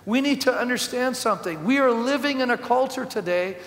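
High-voiced pastor in an echoey hall. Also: male voice, fairly quick, fairly bright tone. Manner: storytelling, quotes others, rising to emphatic declarations. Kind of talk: sermon. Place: church hall. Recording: echoey hall, long reverb.

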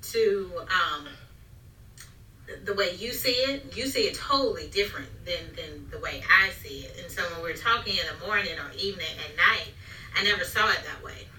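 Chatty mom, very bright tone, roomy echo, mic set back. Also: female voice, lowish voice, moderate pace, slight background noise. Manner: chatty, animated, acting out what she says. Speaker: mother sharing parenting stories. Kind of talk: casual family chat. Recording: echoey room, mic at a distance.

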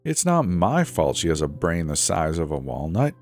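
A man voicing a sullen, deadpan teenage boy with a British accent. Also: low-pitched, normal speed, gravelly, faint music behind, exaggerated voice. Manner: deadpan, grumbling.

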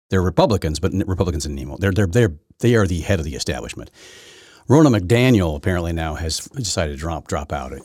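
A man's voice: low-pitched, a little mellow, husky, no room sound, studio quality. A man hosting his own political talk show, delivering an opinionated, rambling monologue full of restarts. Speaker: podcast host.

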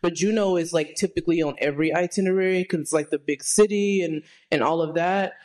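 A woman raised in Texas, co-hosting a podcast and chatting in an enthusiastic, excitable way. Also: fairly low pitch, fast talker. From Texas, United States. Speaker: podcast co-host. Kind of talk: casual chat.

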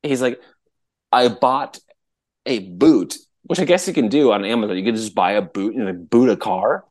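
A man co-hosting a podcast, telling a story in a casual, animated way, laughing often and pitching his voice up high when he quotes people. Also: normal speed. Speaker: podcast co-host.

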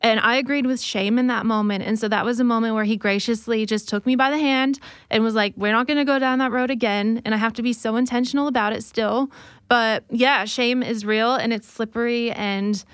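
A woman's voice: a little high, steady tone, brisk, a bit bright, no room sound, studio quality. Earnest woman sharing her faith. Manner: earnest, reflective, acts out remembered dialogue. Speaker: worship leader. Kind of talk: faith conversation.

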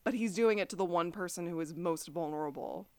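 A woman's voice: on the low side, brisk, no room sound. A young woman co-hosting a podcast, recapping a TV episode in casual chat and often laughing. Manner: animated, laughs often, acts out quotes. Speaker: podcast co-host.

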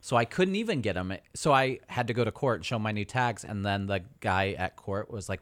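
Man, casual chat, relaxed and chatty, fast talker, dry close mic. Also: on the low side, dry recording.

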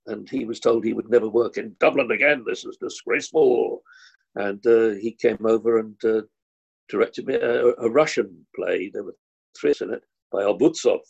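An older man from Kilburn in London, telling theatre anecdotes as an interview guest. His voice is gravelly and husky. He tells the stories with animation and acts out the people in them. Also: mid-range voice, darkish tone, highs cut off. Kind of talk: anecdotal storytelling.

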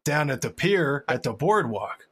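A man's voice: a little high, sing-song, a little slow, a bit bright, slightly rough. A man co-hosting a podcast in casual comedic chat, rambling and crude, often losing his train of thought. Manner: rambling, crude and jokey, trails off. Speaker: podcast co-host.

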